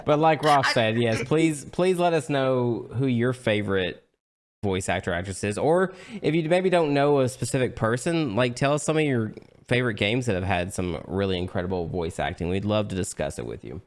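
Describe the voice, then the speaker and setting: A man co-hosting a casual gaming podcast, speaking calmly and in a friendly way. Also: medium pitch, moderate pace. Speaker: podcast co-host. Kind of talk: casual chat.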